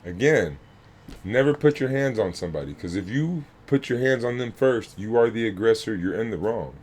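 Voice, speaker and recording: A man's voice: fairly low pitch, lively intonation, moderate pace, a little mellow, a little hiss or hum. A man, a youth coach, giving heated reaction commentary, emphatic and angry, repeating himself and swearing. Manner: angry and worked up.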